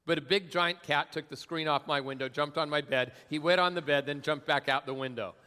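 A stubborn little girl who won't go to bed, with a quick answer for everything, as a man reads her out. The voice is bright and rings in a big hall with long reverb. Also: sits low. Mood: pleading. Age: child. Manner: defiant, quick comebacks.

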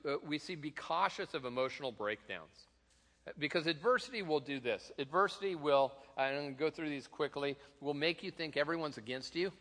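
Bright-voiced male pastor in a reverberant hall. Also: medium pitch. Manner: conversational and joking, with frequent fillers and restarts. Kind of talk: sermon. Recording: long reverb in a large hall.

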